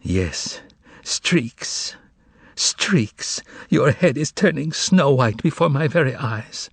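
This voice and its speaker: A man's voice: medium pitch, very animated, normal speed, no room sound. A man reading aloud, voicing a devoted young woman with an emotional, pleading manner. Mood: tearful.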